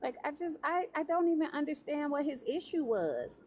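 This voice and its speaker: High voiced woman running a livestream, keeps cutting ppl off, condescending, faint hum behind her. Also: expressive, normal speed. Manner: condescending, cuts callers off. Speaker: livestream host. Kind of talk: livestream debate with callers.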